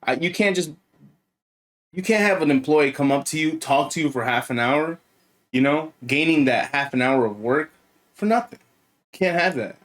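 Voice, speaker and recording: A man co-hosting a podcast in casual chat, relaxed and rambling. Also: fairly high pitch, normal speed, pauses often. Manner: relaxed, rambling, fillers like "you know what I mean". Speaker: podcast co-host.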